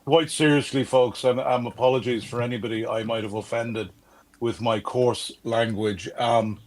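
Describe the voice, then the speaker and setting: An Irish man from Dublin, a guest on a livestream, chatting casually and telling jokes in an animated way. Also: medium pitch, normal speed. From Ireland. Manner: jokey, animated storyteller. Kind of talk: casual chat, telling a joke.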